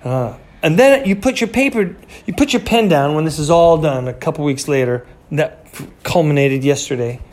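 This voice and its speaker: A podcast host in his fifties delivers a casual motivational monologue, rambling and conversational, packed with fillers and restarts. His voice is a little high and a bit mellow, animated, at a moderate pace.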